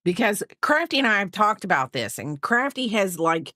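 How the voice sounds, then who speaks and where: A woman's voice: medium pitch, big pitch swings, moderate pace, sharp tone, dry recording, clean studio sound. A middle-aged woman chatting casually while she crochets, rambling with lots of fillers and asides. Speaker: crochet vlogger.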